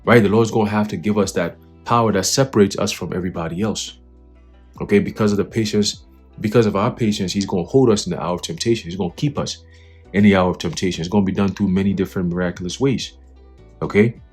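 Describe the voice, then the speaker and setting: Low husky man ranting, preachy. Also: fast, faint music behind. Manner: profane, scornful, preachy, laughs at his own jabs. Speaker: religious commentator. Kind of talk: fiery spoken commentary reading from an article.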